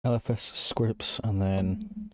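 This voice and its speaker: A lowish, steady, slightly mellow male voice talks slowly with no room sound. He's live-streaming a computer build, musing aloud, replying to chat, and apologizing frequently in a self-conscious way.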